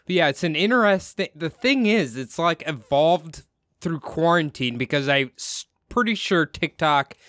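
A man's voice: a little high, expressive, normal speed, fairly bright tone, no echo. A young man hosting a podcast, chatting casually, rambling and laughing, with casual swearing. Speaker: podcast host. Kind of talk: casual chat.

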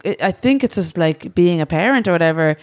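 A woman's voice: on the low side, expressive, fairly quick. A woman co-hosting a podcast, chatting casually and rambling, with many restarts and lots of "like". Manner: rambling, restarts a lot, heavy use of "like". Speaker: podcast co-host. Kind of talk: casual chat.

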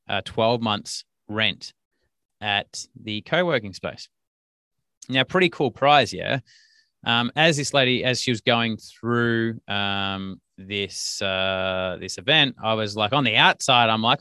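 A man's voice: fairly low pitch, slow, bright, forceful tone, clean tone, no room sound. A man hosting a podcast, telling a rambling business story full of fillers and restarts. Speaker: podcast host and business coach. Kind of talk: casual storytelling monologue.

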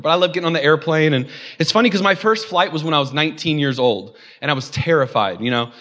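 A man's voice: fairly high pitch, expressive, fast, a bit bright. A young man preaching a conversational sermon, joking and calling out to his congregation. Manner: joking, chatty, audience call-outs. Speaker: pastor.

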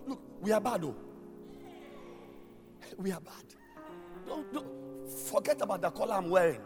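A man preaching a sermon as a pastor. He talks emphatically in a sing-song cadence and swings from shouts down to near-murmurs. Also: high voice, animated, unhurried, pauses often. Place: church hall. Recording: long hall reverb with faint music.

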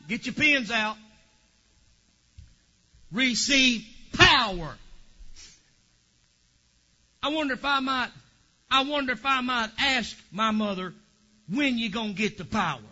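A man preaching a fervent Pentecostal sermon, swinging from quiet asides to shouted praise. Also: very high-pitched, muffled recording.

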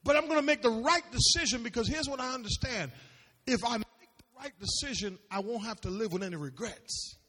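A man with a strikingly high voice preaches to his congregation, firing off questions and waiting for the crowd to finish his lines. His voice swells into shouts at times, and each phrase rings out in the long echo of a big church hall. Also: animated, fairly quick. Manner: preachy call-and-response, rising to shouts. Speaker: pastor. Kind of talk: sermon. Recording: long reverb of a large hall.

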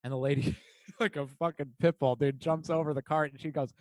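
A man chatting casually and telling animated, profane stories, talking in quick bursts. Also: fairly high pitch, no echo. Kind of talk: casual chat, storytelling.

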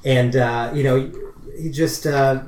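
A man's voice: mid-range voice, steady tone, takes it slowly, darkish tone. Rambling man game master, roomy echo. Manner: rambling, filler-heavy, laughing. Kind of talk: narrating a tabletop game. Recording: roomy echo, faint noise.

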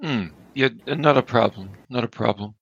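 A man's voice: medium pitch, normal speed, vocal fry, fairly bright tone, breathy edge, no room sound. A man playing in a tabletop game, laid-back and prone to chuckling. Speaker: player. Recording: dull lo-fi dry sound.

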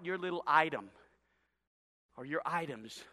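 A male pastor telling a story in a sermon, animated and repetitive, swinging from hushed to loud. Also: high voice, a little fast. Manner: animated, repeats words, swings from hushed to shouting. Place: church sanctuary. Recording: long hall reverb in a church.

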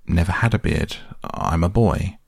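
A man's voice: low voice, animated, unhurried, vocal fry, darkish tone, no room sound, clean studio sound, full character voice. A man voicing an awkward, nervous schoolboy who stammers meekly. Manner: stammering, meek.

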